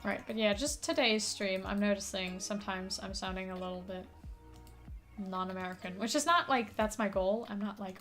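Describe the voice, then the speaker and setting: A woman's voice: mid-range voice, moderate pace, a bit bright, faint music behind. A woman who is not a native English speaker, chatting casually and rambling as a streamer while playing a puzzle game, with lots of fillers, casual swearing and laughter.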